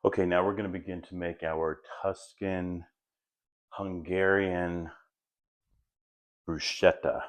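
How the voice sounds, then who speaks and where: A middle-aged man with a very low voice runs a home cooking lesson. He talks slowly and easily, chatting his way through each step as he cooks. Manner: relaxed, chatty step-by-step instructions. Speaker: home cook host. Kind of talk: cooking demonstration.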